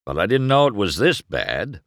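A gruff old race car and stern mentor, as a man puts him on while reading a storybook aloud. He speaks with a low, rumbling growl. His lines sit in a close, dry recording. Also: sing-song, moderate pace, dry recording.

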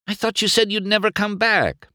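A man's voice: drawn-out words, gravelly, clean tone, no room sound, studio quality, full character voice. A man voicing an eager young male race car, a rookie racer, in a storybook reading, lifting his voice well above his own. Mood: excited. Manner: excited, high-pitched outbursts.

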